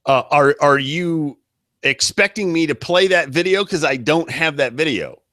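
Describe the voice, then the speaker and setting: Halting male co-host, dry sound. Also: on the high side, bright, forceful tone, dry recording. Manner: hesitant, halting. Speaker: co-host running the video. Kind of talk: casual chat.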